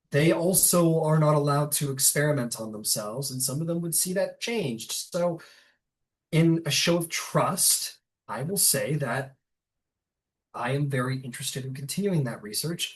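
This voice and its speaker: A man's voice: a little high, natural voice, low-quality recording. A man voicing a scheming noble baron, persuasive and businesslike in a fantasy game.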